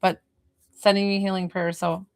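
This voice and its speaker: A woman running a live-streamed energy healing session, talking calmly through breathing and encouragement with chatty asides. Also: medium pitch, moderate pace, gravelly. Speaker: spiritual healer on a livestream.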